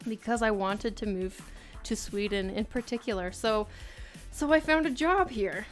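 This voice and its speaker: A woman's voice: mid-range voice, moderate pace. A woman, live-streaming and chatting casually, reading chat messages aloud and laughing often. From United States. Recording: faint music behind.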